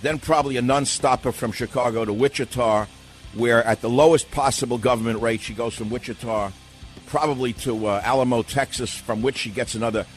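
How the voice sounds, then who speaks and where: A man's voice: mid-range voice, fairly even intonation, brisk, faint music behind. An older man hosting a talk radio show, delivering a sarcastic, mocking monologue and acting out a mock questioning.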